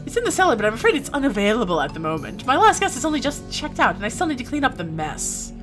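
A woman's voice: a little high, very animated, fast talker, music in the background. A woman voicing a creepy, grinning male innkeeper and butcher in a comic game, who claims a lisp and stresses words oddly. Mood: sly. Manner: oddly stressed, falsely innocent talk.

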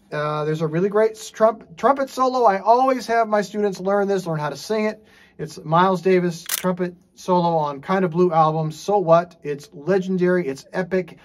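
A man teaching jazz drums in a relaxed, casual way, scat-singing rhythms and checking in with frequent "okay"s. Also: high voice. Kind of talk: casual instructional talk. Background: drum playing.

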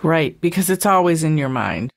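A woman hosts a conversational podcast interview. Her voice sits a little low for a woman. She asks her questions at an unhurried, gentle pace. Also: lively intonation, creaky. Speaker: podcast host.

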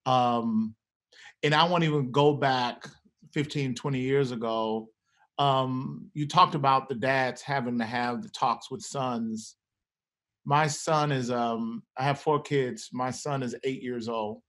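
A middle-aged man, a pastor, telling a personal story in an earnest, animated way. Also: medium pitch, slow pace. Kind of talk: conversational storytelling.

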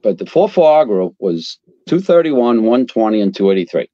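Deep-voiced New storyteller, blunt. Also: male voice, moderate pace. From Queens, New York. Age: older. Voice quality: blunt, profane, animated storyteller. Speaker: retired fire captain, guest. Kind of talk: casual storytelling interview. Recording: dull lo-fi sound.

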